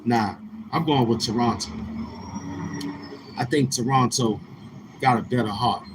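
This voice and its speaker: A man's voice: medium pitch, unhurried, noisy background. A man hosting a casual livestream, talking in brash, heckling, slang-heavy banter. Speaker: live-stream host.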